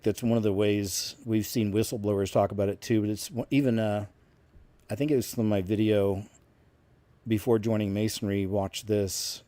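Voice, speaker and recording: Low, mellow-voiced male host. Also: no room sound. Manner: rambling, informal, with restarts. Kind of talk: casual commentary on clips.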